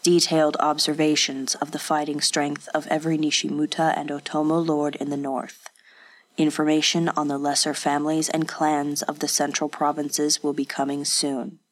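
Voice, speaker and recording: A cold, terse male spy, played by a woman narrator, speaks in a voice pitched clearly below her own. His delivery stays flat and emotionless, with short, clipped answers that give nothing away. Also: moderate pace, rough recording.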